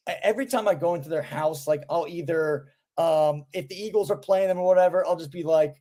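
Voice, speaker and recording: A man co-hosting a casual sports podcast, telling a rambling, animated story. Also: sits high, fast talker, few pauses. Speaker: podcast co-host.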